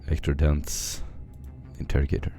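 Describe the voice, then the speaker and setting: Very deep gravelly game master. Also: male voice, completely flat delivery, warm tone, soft background music. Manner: unhurried descriptive narration with frequent fillers. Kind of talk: narrating a tabletop game.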